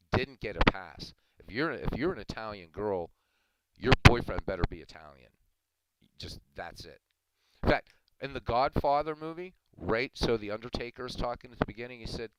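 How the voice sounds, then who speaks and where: Deep-voiced man chatting over heavy noise. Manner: rambling, chuckling, repeats himself. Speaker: stream host. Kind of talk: casual chat. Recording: loud background noise.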